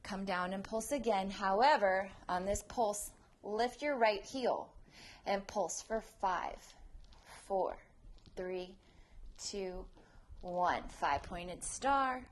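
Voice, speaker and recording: A woman's voice: medium pitch, animated, slow pace. Encouraging female prenatal yoga instructor. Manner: encouraging, counts down reps, cueing breath. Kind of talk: guided yoga class instruction.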